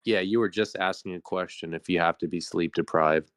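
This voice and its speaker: Low-voiced dude co-hosting a chill podcast, teases his buddy, laid-back, dry sound. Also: fairly even intonation, a little fast, a bit bright, no echo. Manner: teasing, easygoing, explains patiently. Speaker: podcast co-host. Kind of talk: casual chat.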